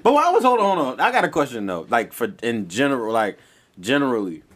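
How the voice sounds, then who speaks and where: A man's voice: medium pitch, sing-song, fast, a bit bright. A young man on a podcast rambling through a question in casual chat, with many restarts. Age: young adult. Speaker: podcast guest.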